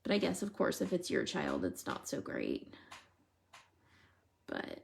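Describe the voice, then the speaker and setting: A woman's voice: fairly low pitch, wildly swooping pitch, unhurried, creaky, slight background noise. A woman hosting a live stream, telling funny stories and chatting casually with viewers by name while she colors. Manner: chatty, giggly storyteller, replying to viewers by name.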